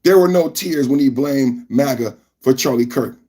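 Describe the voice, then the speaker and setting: A man hosting a podcast, reacting to a clip with indignant, repetitive commentary that rises to shouting. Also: medium pitch, moderate pace, husky. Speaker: podcast host.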